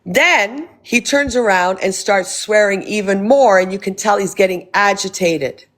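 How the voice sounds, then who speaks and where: A woman's voice: medium pitch, unhurried, fairly bright tone. A woman hosting a live stream, angrily confronting a guest with profanity.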